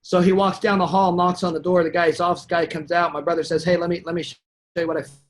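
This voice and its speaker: A man's voice: high-pitched, fast. A man telling a long sales anecdote in a webinar, animatedly acting out what each person said. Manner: animated anecdotal storytelling, acting out quoted dialogue. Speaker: sales trainer. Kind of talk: webinar storytelling.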